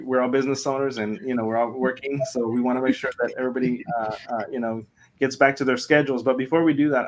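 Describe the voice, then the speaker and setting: A man hosting a live-stream panel discussion over a video call, encouraging and affirming his guests. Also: medium pitch. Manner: even, encouraging, frequent affirmations. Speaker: host.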